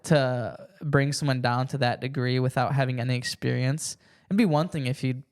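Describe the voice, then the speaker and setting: A man's voice: mid-range voice, fairly even intonation, moderate pace. A young man hosting a casual podcast chat, rambling with restarts and acting out quoted lines. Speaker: podcast host.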